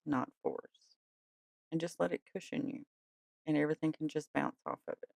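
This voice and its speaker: A podcast host in a gentle, chatty way of talking, tired and yawning late at night. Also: mid-range voice, gravelly, no room sound. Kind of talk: casual podcast talk.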